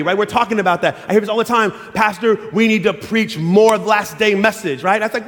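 A man's voice: fairly quick, few pauses. A middle-aged man preaching a sermon as pastor, telling stories and acting out quotes in shifting voices. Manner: animated, acts out quotes in high and low voices. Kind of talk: sermon with storytelling. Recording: long hall reverb.

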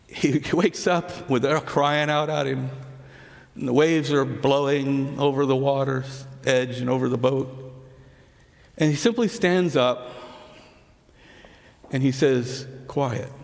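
A man preaching a sermon, telling the story earnestly and dropping to soft, hushed words on key lines. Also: medium pitch, steady tone, slow, gravelly, pauses often. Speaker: pastor. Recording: long hall reverb.

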